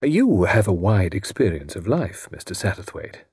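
A man voicing a mysterious gentleman who speaks in a calm, measured, quietly knowing way. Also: low-pitched, breathy edge, no echo, clean studio sound, full character voice.

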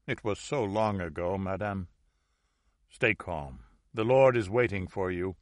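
A man reading aloud and voicing an elderly Orthodox priest who speaks low, hushed and soothing. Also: a little slow, dry recording, studio quality.

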